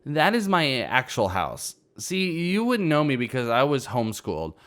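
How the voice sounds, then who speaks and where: Man putting on a shrill drunk young woman. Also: wildly swooping pitch, normal speed, a bit bright. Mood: drunk, whiny. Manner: slurring, whiny, shrill outbursts. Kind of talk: reddit story reading.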